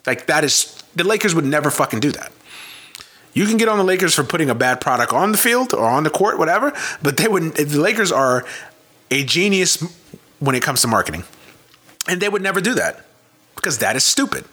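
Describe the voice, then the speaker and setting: A man's voice: on the high side, very animated, a little fast, bright, forceful tone, husky. A man giving a profane, emphatic sports rant, repeating his points with heavy emphasis. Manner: profane, emphatic, repetitive ranting. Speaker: sports commentator.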